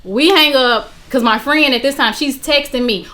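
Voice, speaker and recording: A woman tells a personal story in casual podcast chat. Her voice is bright and forceful and sits a little high. She is animated and acts out the voices of the people in her story. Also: brisk, few pauses.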